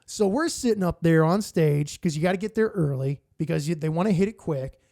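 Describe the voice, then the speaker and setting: High, gravelly-voiced man telling stories. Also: fairly quick. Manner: animated, profane, acts out quotes. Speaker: morning radio co-host, guest. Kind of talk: casual storytelling.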